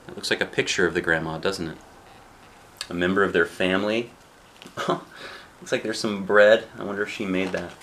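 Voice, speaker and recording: A man reading a picture book aloud to children, gently chatting and asking the listener questions between pages. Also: deep voice, slight background noise. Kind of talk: children's read-aloud with casual asides.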